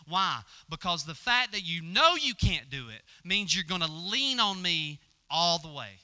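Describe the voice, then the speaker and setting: A male pastor voicing God, speaking emphatically and slowly with reassurance. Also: a little high, sing-song, pushed and bright, clear, resonant tone, dry recording, full character voice. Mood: firm reassurance. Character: firm reassuring divine voice, male.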